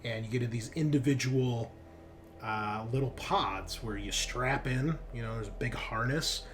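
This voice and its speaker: A man's voice: medium pitch, measured pace. Easygoing man narrating as game master, with music. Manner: casual, easygoing narration with frequent fillers.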